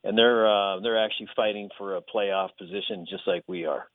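Male phone guest, low voice, thin phone sound, calm explainer. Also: fairly quick, no room sound. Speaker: guest team owner. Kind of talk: phone interview. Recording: tinny phone line.

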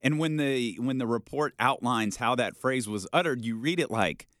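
A man hosting a sports talk show, arguing his point in a casual, animated way and acting out how people might react. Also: mid-range voice, moderate pace, dry recording, clean studio sound. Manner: animated, argumentative, acts out quoted reactions.

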